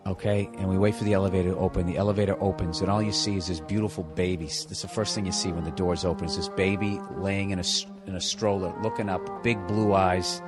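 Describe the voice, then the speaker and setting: A man's voice: low-pitched, steady tone, fast talker, hardly any pauses. A man streaming a game, telling rambling, profane stories in a casual way and laughing at himself. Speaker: gaming streamer. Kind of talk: casual storytelling while gaming. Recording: game music behind voice. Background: game music.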